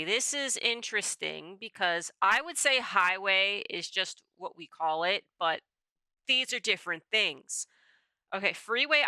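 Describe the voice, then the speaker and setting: A woman's voice: lowish voice, bright, forceful tone, clear, resonant tone, no room sound. A woman streamer chatting casually as she takes a quiz, thinking aloud, rambling and often correcting herself. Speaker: VTuber streamer. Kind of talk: casual chat while taking a quiz.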